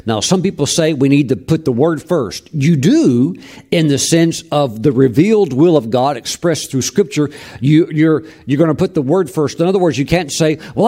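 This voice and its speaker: Man preaching, mellow voice. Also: medium pitch. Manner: teaching from scripture, emphatic and conversational. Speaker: pastor. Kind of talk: sermon.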